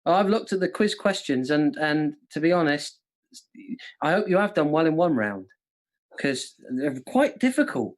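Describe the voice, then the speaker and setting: Playful higher-voiced comic quiz host. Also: male voice, big pitch swings, moderate pace. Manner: joking, playful, self-deprecating. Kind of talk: casual live-stream quiz banter.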